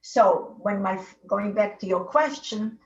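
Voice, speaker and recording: A Holocaust survivor in her eighties speaks slowly in a medium-pitched, slightly mellow voice with a foreign accent, recounting her life in a rambling, repetitive way that loops back and restarts. The oral history audio is dull, echoey and remote.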